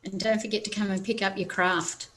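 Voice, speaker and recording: A woman reading a picture book at children's story time as a library storyteller, animated and adding playful asides to her young listeners. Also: mid-range voice, brisk, slight background noise.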